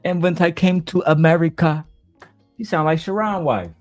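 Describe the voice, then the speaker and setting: A man's voice: fairly high pitch, moderate pace, soft background music, voice pushed up, close to an everyday voice. A man mocking a Russian immigrant woman in a put-on Russian accent, speaking in broken English. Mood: mocking earnest. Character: mock Russian immigrant woman, earnest and loud.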